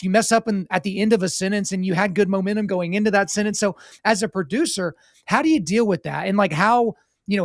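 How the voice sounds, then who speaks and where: A man hosting a podcast, asking questions in an excited, energetic way with a voice he calls weak. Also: high-pitched, no echo, clean studio sound. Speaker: podcast host. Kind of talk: casual interview chat.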